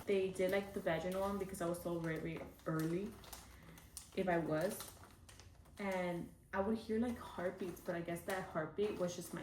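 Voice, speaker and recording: A woman's voice: fairly low pitch, background noise. Young woman vlogging from an echoey room. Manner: chatty, many fillers. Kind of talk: casual storytelling. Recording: echoey room from a far mic.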